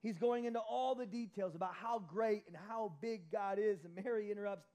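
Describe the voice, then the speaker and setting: Guy pastor with a pretty high voice preaching in church, gets loud then drops real soft. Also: normal speed, few pauses, low-quality recording. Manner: animated, swinging between loud emphasis and soft intimate passages. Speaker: lead pastor. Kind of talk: sermon.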